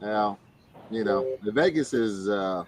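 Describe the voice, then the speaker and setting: Animated, laughing, profane male podcast host. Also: on the low side, takes it slowly, a little hiss or hum. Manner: laughing often, loose and profane. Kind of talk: casual chat.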